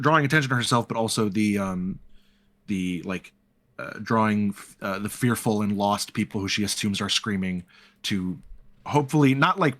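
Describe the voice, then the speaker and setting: A man's voice: fairly low pitch, a bit bright. A man playing a character in a tabletop role-playing game, talking through his actions hesitantly with many fillers. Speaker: player.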